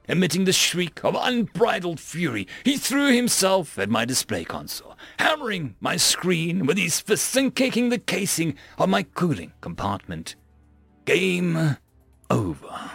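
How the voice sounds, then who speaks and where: A man's voice: a little high, sing-song, a little slow, vocal fry, a bit bright, breathy edge, dry recording, soft background music. A man narrating a first-person story with dry, mock-dramatic glee.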